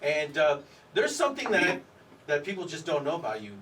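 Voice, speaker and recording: A man hosts a morning radio segment in an upbeat way, laughing often and keeping things moving. His voice sits high. He is a bit far from the mic, with faint noise behind. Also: big pitch swings, brisk, a bit bright. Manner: upbeat, laughs often, repeats "there you go". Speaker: radio host.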